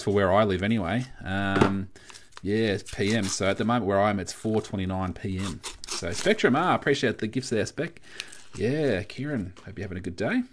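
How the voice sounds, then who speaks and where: Relaxed Australian man, casual chat. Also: on the low side, a little hiss or hum. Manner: relaxed, chatty, reads out viewer comments. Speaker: coin collecting livestream host. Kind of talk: casual live-stream chat.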